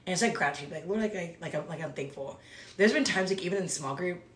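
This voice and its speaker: A woman's voice: on the low side, quick pace. A woman who leads a small group, chatting casually about faith, rambling, filling with "like" and laughing often. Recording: roomy echo.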